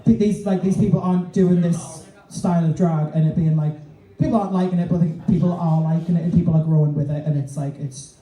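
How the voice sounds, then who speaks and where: Co-hosting a casual live podcast from a bar, a drag performer rambles along with plenty of fillers and free swearing. He speaks quickly in a warm, fairly high voice with fairly even intonation, captured by a distant mic in an echoey space.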